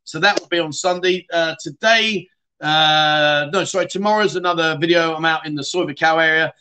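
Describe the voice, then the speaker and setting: A man's voice: a little high, normal speed, pushed and bright, clear, resonant tone. A middle-aged man from the UK hosting a casual livestream, reading out viewer comments in a chatty, blunt way and calling people mate. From United Kingdom. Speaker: livestream host.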